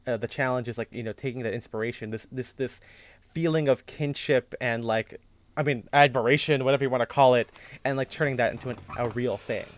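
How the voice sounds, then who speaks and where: A man co-hosting a podcast in casual chat, rambling and animated, joking and swearing. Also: mid-range voice, fairly quick. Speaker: podcast co-host.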